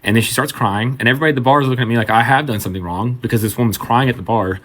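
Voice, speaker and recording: Man, bartender, casual storytime, swears freely, mid-pitched. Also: very fast, a bit bright. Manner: conversational, swearing, acts out quotes.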